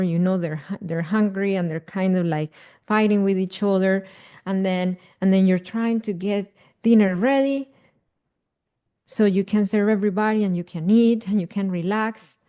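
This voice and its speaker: A woman's voice: medium pitch, mellow, dull audio. A woman teaching a live parenting class, repeating herself for emphasis and putting questions to her listeners. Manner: repetitive, emphatic, asks audience questions. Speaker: parenting educator.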